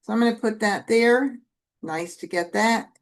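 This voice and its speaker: A woman with a slightly high voice teaches Mah Jongg strategy while she plays, chatting casually, correcting herself and tossing in asides. She speaks at a moderate pace over a noisy background.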